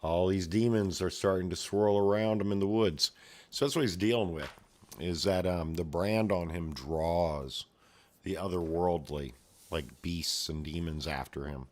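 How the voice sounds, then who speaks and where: Low-voiced man reading a comic aloud. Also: unhurried, a little mellow. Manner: laid-back, mumbling asides with fillers. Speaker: video host reading a comic. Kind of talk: casual comic read-along commentary.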